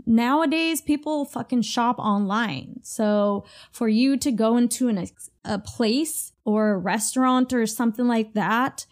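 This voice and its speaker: A woman's voice: fairly high pitch, unhurried. Blunt, profane woman ranting on a podcast. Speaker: podcast host; retail worker. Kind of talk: solo podcast rant.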